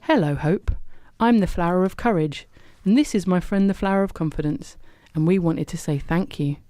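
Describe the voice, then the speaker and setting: A friendly giant flower in a storybook speaks softly and gratefully, voiced by a woman. The tone is mellow. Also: on the low side, normal speed, dry recording, natural voice. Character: giant friendly talking sunflower.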